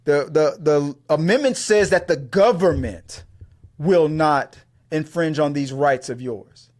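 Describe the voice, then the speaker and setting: A man's voice: on the high side, slow pace, darkish tone. A man co-hosting an entertainment news show, talking in heated casual commentary, profane and full of stammered restarts. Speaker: co-host of movie news show.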